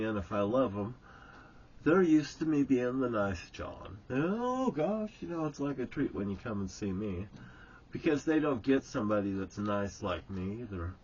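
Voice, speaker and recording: A man's voice: mid-range voice, a little mellow, slightly rough. A man telling a meandering, chatty story to his viewers, full of asides and restarts. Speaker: vlogger. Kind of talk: casual rambling storytelling. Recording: dull lo-fi sound with faint ambience.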